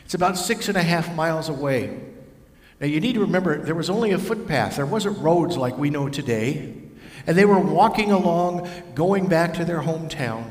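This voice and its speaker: A man preaching a sermon as pastor, telling the story in a lively storytelling way. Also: fairly high pitch. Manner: storytelling, varies voice for figures. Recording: echoey hall with long reverb.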